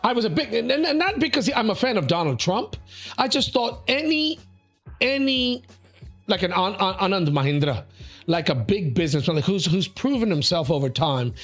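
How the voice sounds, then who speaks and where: Male talk host, slightly high voice, emphatic and interrupting, faint music bed. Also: moderate pace. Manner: animated, emphatic, interrupts, calls people mate and sweetie; repeats words when building a point. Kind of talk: opinionated panel talk.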